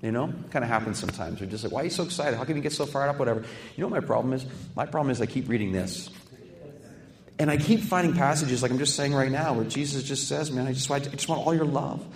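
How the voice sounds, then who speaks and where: A man preaching a sermon with passion, dropping to a hush and building to fired-up peaks, acting out quoted voices. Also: mid-range voice, fast talker. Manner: quotes others in acted voices. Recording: echoey hall reverb.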